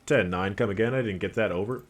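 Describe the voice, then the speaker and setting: A man voicing a brisk, formal police radio dispatcher who speaks in relay code and signs off each line. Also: on the low side, natural voice. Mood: officious.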